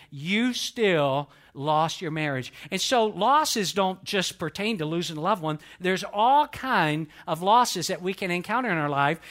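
A man's voice: high-pitched, pushed and bright. A middle-aged male pastor preaching a sermon in an earnest, conversational way, with repetitions and restarts.

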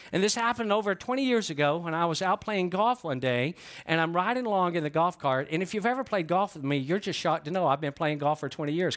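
Middle-aged pastor guy with a highish voice, animated, pokes fun at himself, keeps asking the crowd stuff. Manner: animated, self-deprecating, talks to the crowd. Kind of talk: storytelling sermon. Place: church before a congregation.

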